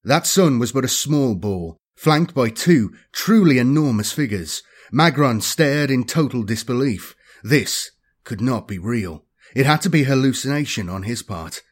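A man giving a measured, dramatic scripted audiobook narration. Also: mid-range voice, expressive, husky.

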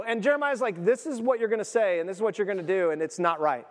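A man preaching a sermon, emphatic, swinging from quiet to loud. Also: sits high, fast talker, hardly any pauses, in a large hall. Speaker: pastor.

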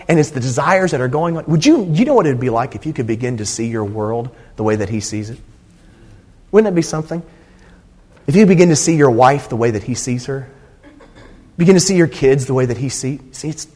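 A man's voice: mid-range voice, a little mellow. A middle-aged man from Indiana preaching a sermon in a conversational, earnest way, often restarting his sentences. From Indiana, USA. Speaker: pastor.

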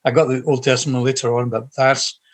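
A man's voice: medium pitch, level tone, brisk. A middle-aged man with a Glaswegian Scottish accent, telling his personal faith story to an interviewer in an earnest, heartfelt, rambling way. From Scotland. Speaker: guest sharing his faith testimony. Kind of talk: personal testimony in conversation.

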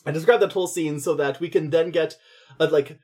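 Husky, chatty man on a podcast. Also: fairly high pitch, fairly even intonation, fairly quick, darkish tone. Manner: chatty, laughing, acts out quoted lines. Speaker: podcast co-host. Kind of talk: casual podcast chat.

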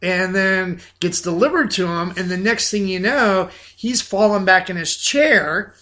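Podcast co-host, male, high and bright voice, animated and halting, repeats himself. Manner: animated, repeats words, many restarts. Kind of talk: casual film discussion.

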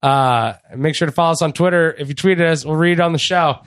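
A man's voice: a little high, quick pace, dry recording. A man co-hosting a casual wrestling podcast, laid-back and joking, swearing freely. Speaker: podcast co-host.

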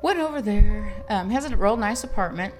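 A woman co-hosting a podcast, telling a dating story in casual chat, animated and laughing as she goes. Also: medium pitch, a little fast, faint music behind. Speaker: podcast co-host.

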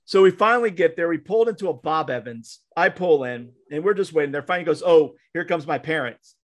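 A man tells a story on a casual podcast, his voice sitting fairly high for a man. He acts out the quotes in his story and keeps restarting his sentences as he goes. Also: expressive, fast. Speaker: podcast co-host, minister.

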